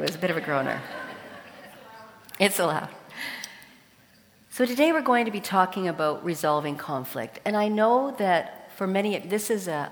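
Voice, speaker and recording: A woman preaching a sermon in a church, her voice sitting a little low for a woman. She tells a joke first, then speaks straight to the congregation. A long reverb trails each phrase through the hall. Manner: warm storytelling with a joke, addressing the congregation.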